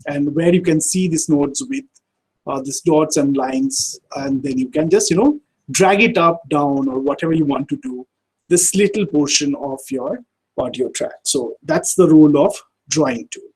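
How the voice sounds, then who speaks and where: A man giving an online software tutorial, speaking haltingly with frequent fillers. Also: a little high, slightly rough, low-quality recording. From India. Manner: halting, many fillers like "uh" and "you know". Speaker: workshop instructor.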